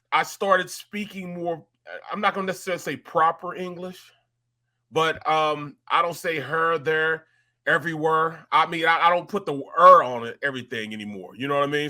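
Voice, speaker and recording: A man's voice: on the high side, bright, forceful tone. A man from St. Louis hosting casual sports talk, laid-back and rambling. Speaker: host.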